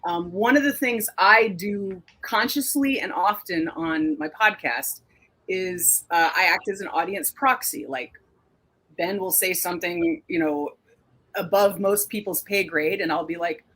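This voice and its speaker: Animated woman telling a story on a panel. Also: unhurried, slightly rough. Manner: animated, big upward pitch jumps when telling a story. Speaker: panelist, artist and podcaster. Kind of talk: casual panel discussion.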